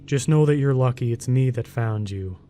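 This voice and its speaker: A man voicing a huge, rough male mountain guardian with a deep rumbling voice, a thick rural accent and a blunt, serious, folksy way of talking. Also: normal speed, mellow, slight background noise, close to an everyday voice. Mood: solemn.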